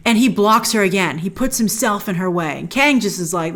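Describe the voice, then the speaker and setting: A woman's voice: mid-range voice, lively intonation, brisk, fairly bright tone. A woman hosting a TV episode recap, talking with gushing enthusiasm and retelling scenes in a chatty, casual way. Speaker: host.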